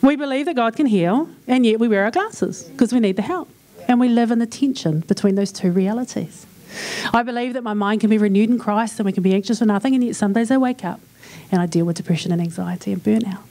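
A woman's voice: a little high, fast talker, dark tone. Kiwi woman doing a funny talk at a church conference, chatty, acts out little back-and-forths. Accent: New Zealand. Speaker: conference speaker.

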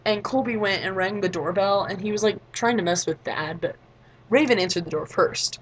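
A woman's voice: mid-range voice, moderate pace, slightly rough, poor audio. A teenage girl telling a story in a casual vlog, chatty, acting out other people's lines. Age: late teens. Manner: chatty, acts out quoted voices, frequent "like". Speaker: vlogger.

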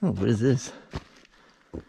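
A man's voice: mid-range voice, lively intonation, measured pace, creaky, warm tone, husky, no echo. A man out of breath, puffing between short remarks as he climbs a rocky outdoor trail with a camera mic. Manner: puffing and panting between short remarks while hiking uphill.

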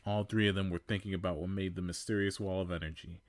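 A man's voice: deep voice, flat delivery, fast talker, few pauses, no echo. A male podcast host reading fan fiction aloud, amused, with laughing asides.

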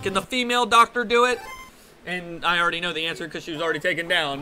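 A man doing jokey, excitable play-by-play commentary on a video game with a friend, breaking into shouts on big plays. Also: high-pitched, quick pace, over music.

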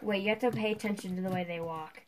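A young adult woman chatting casually while playing a game, excitable and quick to poke fun at herself. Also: mid-range voice, a little hiss or hum, poor audio. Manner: chatty, excitable, self-mocking. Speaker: gamer. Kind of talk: casual gameplay chat.

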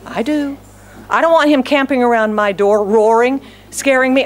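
Woman pastor, middle-aged, high voice, quick and emphatic sermon delivery. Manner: animated, emphatic, rising exclamations and repeated phrases; speaks quickly with frequent restarts.

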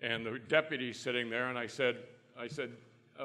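A man's voice: mid-range voice, fairly even intonation, moderate pace, sharp tone. Folksy older man telling stories in a hall. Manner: folksy storyteller who acts out quotes. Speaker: trial lawyer on a panel. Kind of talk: anecdotal panel talk. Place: conference hall. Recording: long reverb in a conference hall.

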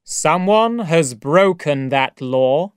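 A man voicing a stern, commanding male scientist who rules over beast-people, speaking slowly and loudly. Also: a little high, animated, clear, resonant tone, no room sound, clean studio sound. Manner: loud, slow, imperious commands.

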